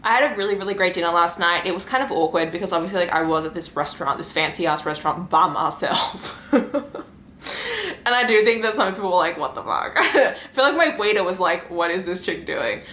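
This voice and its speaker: A woman's voice: fairly low pitch, animated, a little fast, a bit bright, slight background noise. A young woman in her twenties chatting casually in a vlog, rambling with lots of fillers and giggles. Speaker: book vlogger. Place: home room and outdoors on a lunch break. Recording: echoey room.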